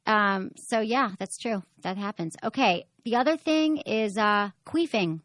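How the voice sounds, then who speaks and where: A woman's voice: mid-range voice, animated, a little slow, fairly bright tone, dry recording. A woman hosting a sex advice podcast in casual, frank chat. She is chatty and often acts out the voices of the people she quotes.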